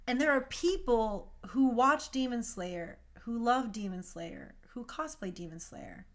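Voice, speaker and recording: Young woman, talk show host, impassioned, emphatic, fairly high voice. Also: measured pace. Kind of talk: casual monologue.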